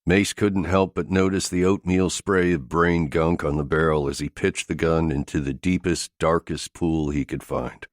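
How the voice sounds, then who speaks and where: A man reads an action thriller audiobook in a steady, gritty delivery. His voice sits very deep, and the recording is close and dry with no room echo. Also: normal speed, few pauses. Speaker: audiobook narrator. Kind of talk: scripted narration of an action thriller.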